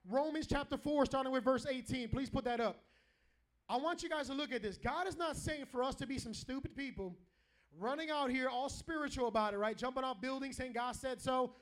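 A man in middle age preaches to a live church congregation with a strikingly high voice. He jokes, teases and calls out to the crowd as he goes. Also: a little fast. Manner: animated, joking, calls out to the congregation. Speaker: pastor. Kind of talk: lively preaching sermon.

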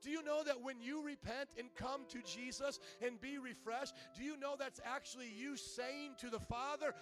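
A man preaches a sermon at a church service, and his voice sits unusually high for a man. He teaches calmly at first, then builds into loud preaching where he stretches his words out. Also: moderate pace, hardly any pauses, soft background music. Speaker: pastor.

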